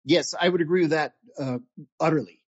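Earnest man recounting with animated restarts. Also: on the high side, a little fast, no room sound. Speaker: former intelligence officer. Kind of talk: interview storytelling. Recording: dull dry lo-fi audio.

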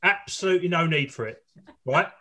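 A man chats casually as a podcast co-host, venting about pet hates with frequent laughs. His voice is husky and sits a little high for a man. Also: animated, fairly quick, sharp tone. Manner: ranting, laughs often. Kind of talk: casual chat.

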